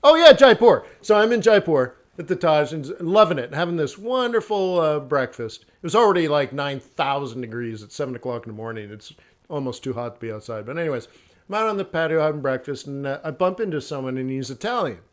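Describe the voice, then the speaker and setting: A man's voice: fairly high pitch, lively intonation, a little fast. A man hosting a trading livestream, rambling through joking anecdotes in a casual way. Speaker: forex livestream host.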